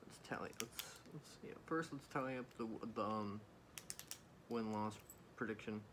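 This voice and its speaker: A man hosting a soft-spoken ASMR video, rambling and correcting himself as he talks. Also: on the low side, moderate pace, noisy background. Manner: rambling, self-correcting, chatty. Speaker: ASMR channel host.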